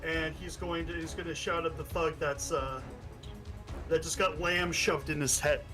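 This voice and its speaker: High-voiced man running a tabletop game. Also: level tone, music in the background, poor audio. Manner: switches quickly into shouted guard voices. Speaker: game master.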